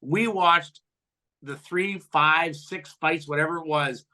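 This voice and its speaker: A man in his fifties, a former pro hockey player, telling profane locker-room stories as a podcast guest and loudly acting out what people said. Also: on the high side, takes it slowly. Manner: animated, profane, acts out quotes loudly. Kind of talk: storytelling in a podcast interview.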